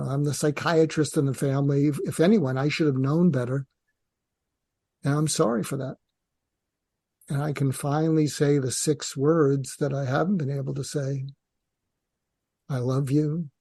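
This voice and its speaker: An older man with a gravelly, creaky voice tells a personal story. He is reflective and halting, restarting his sentences. The sound is dry and close to the mic. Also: on the high side, fairly even intonation, warm tone, dry recording. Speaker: podcast co-host, psychiatrist.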